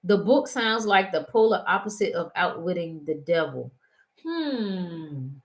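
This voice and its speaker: A woman hosting a casual talk show, animated and prone to laughing and wandering into stories. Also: lowish voice, measured pace. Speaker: host. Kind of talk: casual chat.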